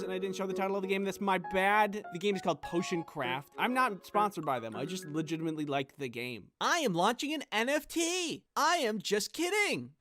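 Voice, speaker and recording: A young man telling a comedic personal story in an animated, sarcastic way, jumping into exaggerated voices for the people he quotes. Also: high-pitched.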